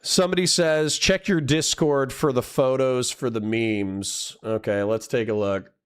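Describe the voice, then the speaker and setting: A man's voice: medium pitch, steady tone, unhurried, smooth. A man livestreaming, talking straight to his chat audience, swearing freely and breaking into fits of laughter. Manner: giggly, profane, breaks into laughter often. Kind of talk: casual livestream reaction chat.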